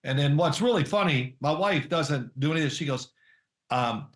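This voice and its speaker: A man's voice: on the high side, lively intonation, normal speed, echoey room. An older man, a former quarterback, chatting as a guest in an interview and rambling through anecdotes with chuckles. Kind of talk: casual interview chat.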